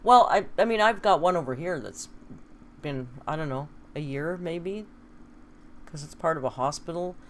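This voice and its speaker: This livestream host talks from her home at normal speed, her low-pitched voice animated, chatty and wry. She reads viewers' comments aloud over a faint hiss or hum.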